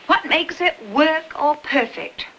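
A woman's voice: sits high, takes it slowly, a bit bright, slight background noise, rough recording. An actress playing a married woman lawyer who talks earnestly and often restarts her sentences.

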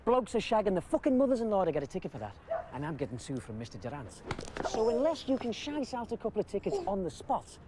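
An actor playing a swaggering, foul-mouthed gangster, speaking inside a car. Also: male voice, high-pitched, wildly swooping pitch, quick pace, very noisy. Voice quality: coarse, swearing constantly. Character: brash, swaggering, profane Liverpool gangster man. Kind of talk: film dialogue.

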